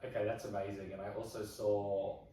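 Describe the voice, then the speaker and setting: A man's voice: lowish voice, flat delivery, a little fast, warm tone. A man hosting a podcast, chatting in a friendly, rambling way and laughing easily. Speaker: podcast host. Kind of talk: casual interview chat. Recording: echoey room, distant mic, faint noise.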